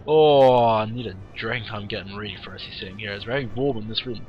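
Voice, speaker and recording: A man with a cold, casually commentating a game replay in a warm room at home with wry, rambling asides. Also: on the low side, fairly even intonation, quick pace, dull audio, slight background noise. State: has a cold, sniffly.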